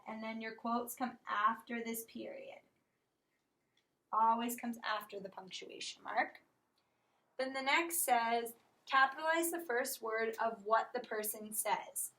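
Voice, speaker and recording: A woman teacher slowly walking through a writing lesson step by step, stopping to correct her own slips. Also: a little high, a bit bright, low-quality recording. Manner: slow, step-by-step explaining, apologizes for slips. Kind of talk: recorded classroom lesson.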